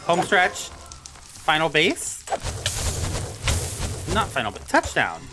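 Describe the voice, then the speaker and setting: A game creator narrating their own play in an unhurried, drawn-out way, with a voice that leaps up and drops down. They grumble, scold the mobs on screen and let out mild curses. Music plays clearly underneath. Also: medium pitch, wildly swooping pitch. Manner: exasperated, talks to the game mobs, swears mildly. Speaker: Minecraft let's-play creator. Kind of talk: live gameplay commentary.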